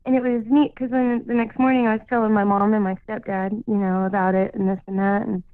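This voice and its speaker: A woman's voice: mid-range voice, level tone, quick pace, clear, resonant tone, no echo. Woman, radio caller, casual storytelling, chatty, fillers, tinny phone line, dry sound. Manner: chatty, full of "like" and "you know".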